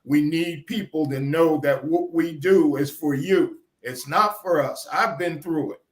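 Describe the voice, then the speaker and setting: A man speaking slowly and earnestly in a casual talk, repeating his appeals for community support. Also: on the high side, roomy sound. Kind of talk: casual chat.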